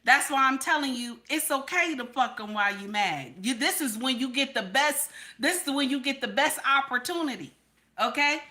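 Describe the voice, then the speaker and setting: Her high voice is animated and sharp, moving at a normal speed, as she hosts a livestream. She talks bluntly and candidly to her chat, frequently checking in with "okay?"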